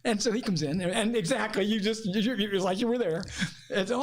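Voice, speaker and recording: Animated storytelling man from Ohio. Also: sits high, fast, gravelly. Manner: animated, laughs while telling stories, acts out quotes. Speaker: podcast guest. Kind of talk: casual storytelling.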